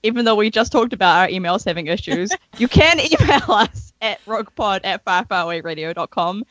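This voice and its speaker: A woman co-hosting a casual podcast chat, teasing and quick to laugh. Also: mid-range voice, animated, fairly bright tone. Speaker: podcast co-host. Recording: dull dry podcast audio.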